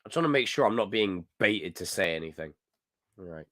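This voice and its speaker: A young Scottish man hosting a casual live chat, reading comments and ranting in a jokey, animated way. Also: lowish voice, fast, no room sound, clean studio sound. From Scotland. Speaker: livestream host.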